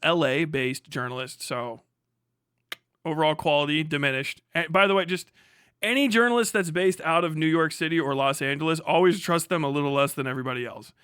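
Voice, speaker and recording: A man's voice: fairly high pitch, a little fast, fairly bright tone, smooth, no room sound, studio quality. A man streaming live, chatting in a rambling, profane way and laughing often. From United States. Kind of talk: casual live-stream commentary.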